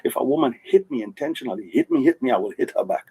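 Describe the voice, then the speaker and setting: A man's voice: on the high side, wildly swooping pitch, fast, vocal fry, dark tone, husky, poor audio. A man with a Jamaican accent insistently telling his side of a dispute, often adding "right?" to seek agreement.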